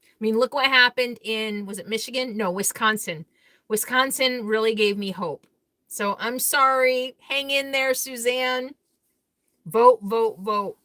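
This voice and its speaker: On a casual live Q&A stream, a woman reads viewer comments aloud and answers them bluntly and candidly, chatting and laughing easily between remarks. Her voice sits on the high side with a steady, sharp tone and a measured pace, recorded dry.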